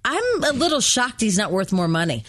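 A chatty woman co-hosting a casual talk show, trading celebrity gossip. She laughs easily and slips into acted-out quotes. Her voice sits at a middle pitch. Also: sing-song, moderate pace, fairly bright tone.

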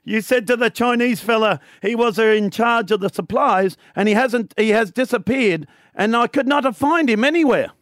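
A man's voice: very high-pitched, moderate pace, fairly bright tone, no room sound, clean studio sound, voice pushed up. A man voicing a flustered laborer, speaking broken English during a radio joke. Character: shouting Italian laborer, flustered.

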